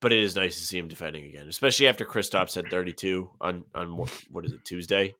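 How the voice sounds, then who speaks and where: A man's voice: low voice, fast talker, sharp tone, dry recording, studio quality. A congested man co-hosting a casual sports podcast, making joking, loose asides about the game. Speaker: podcast co-host.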